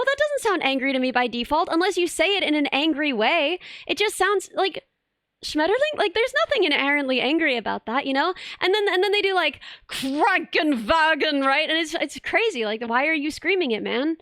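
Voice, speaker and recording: A woman's voice: high voice, a bit bright, no room sound, clean studio sound. A young woman streamer in casual live chat, reading viewer messages and rambling with many restarts.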